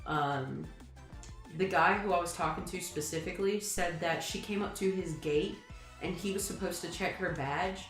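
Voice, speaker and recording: A woman's voice: fairly low pitch, normal speed. A woman streamer telling a long rambling story in casual chat, full of fillers and asides. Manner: chatty, rambling, lots of fillers. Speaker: streamer host. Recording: echoey room with music. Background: faint music.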